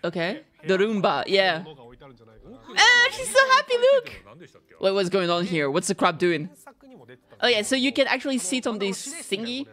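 A woman streamer giving excited, casual reaction commentary, gushing and squealing with delight, with fillers and the odd swear. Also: medium pitch, moderate pace, soft background music. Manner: gushing, squeals and laughs often. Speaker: streamer reacting to a game livestream.

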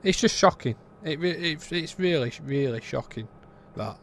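A man's voice: on the high side, lively intonation, moderate pace, vocal fry, a little hiss or hum. A British man giving a casual, blunt and exasperated game review, rambling with frequent restarts.

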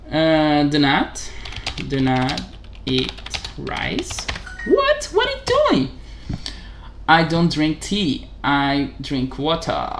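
Man, gravelly voice, slow unhurried delivery, halting self-correcting talk, casual vlog, chuckles often. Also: fairly high pitch, noisy background. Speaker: channel host. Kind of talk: casual vlog while practicing a language.

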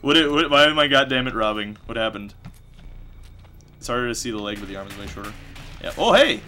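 A male streamer talks through his game in a loose, excitable way, swearing freely when things go wrong. His pitch is lively and wide-ranging. His tone is bright and forward. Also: quick pace, soft background music. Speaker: streamer playing a video game. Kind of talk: casual game commentary.

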